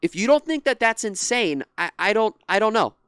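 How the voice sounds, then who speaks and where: An indignant young commentator reacts to a clip. The voice is smooth and clear, recorded close and dry. Frustration spills into restarts and the odd curse. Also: mid-range voice, expressive, fairly quick, fairly bright tone, dry recording. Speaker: political commentary YouTuber.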